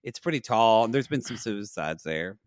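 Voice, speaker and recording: A man, co-hosting a podcast and recapping a reality show in animated casual chat with loud dramatic outbursts. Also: on the low side, normal speed, clear, resonant tone. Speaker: podcast co-host.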